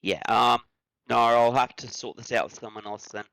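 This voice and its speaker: A man's voice: medium pitch, fairly even intonation, moderate pace, vocal fry, fairly bright tone, no echo, rough recording. A man playing a tabletop role-playing game, talking hesitantly with many fillers. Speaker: player. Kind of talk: casual tabletop role-play.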